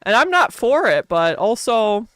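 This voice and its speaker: Young wisconsin girl streaming, rambly and giggly, kinda high voice, smooth and clean, dry close mic. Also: very animated, a little slow, dry recording. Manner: chatty, laughs often, rambling. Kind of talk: casual stream chat.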